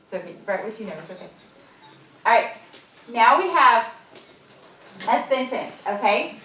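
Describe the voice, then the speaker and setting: A woman teacher leads a small-group phonics lesson, drawing out sounds and sentences slowly and clearly for the children, then pauses to explain it to other teachers. Her voice is on the high side, bright and forceful, and very animated. The recording is echoey and captured from across the classroom, with a faint hiss behind her.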